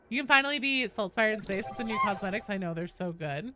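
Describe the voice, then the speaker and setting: A woman's voice: a little high, quick pace, hardly any pauses, pushed and bright. A woman chatting casually with viewers and teammates while streaming a game, swearing, cheering and thanking followers.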